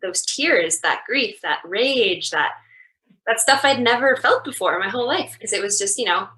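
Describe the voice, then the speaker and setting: A woman guest speaks openly and bluntly in a casual conversation. Her voice is bright and crisp, and she hesitates often with fillers. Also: a little high, lively intonation, normal speed, low-quality recording. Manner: frank, laughs easily, hesitant with fillers. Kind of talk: candid personal conversation.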